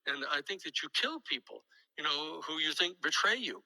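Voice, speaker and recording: Gravelly, bright-voiced older man telling stories. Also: on the high side, normal speed, low-quality recording. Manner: animated storytelling, acts out quoted voices, frequent restarts. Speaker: guest storyteller. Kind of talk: casual anecdote in an interview.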